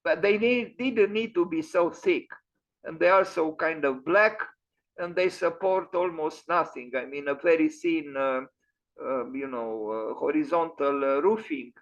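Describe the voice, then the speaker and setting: A man hosting an online architecture lecture, pausing often with fillers and restarts. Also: a little high. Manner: hesitant, many fillers and restarts. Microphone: video call. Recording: dull lo-fi online audio.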